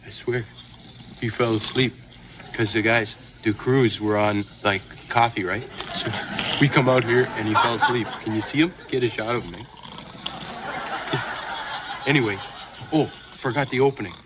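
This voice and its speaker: An actor gives us a dim, good-natured Canadian hoser who hosts a sketch-comedy TV spot, speaking in a mid-pitched man's voice with a Canadian accent. He drawls along, tacking 'eh' and 'right' onto his lines. The old broadcast audio carries a clear layer of background noise. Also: fairly even intonation, normal speed, long pauses, close to an everyday voice. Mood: laid-back. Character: dopey adult male Canadian hoser hosting a TV spot. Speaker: sketch comedy host character.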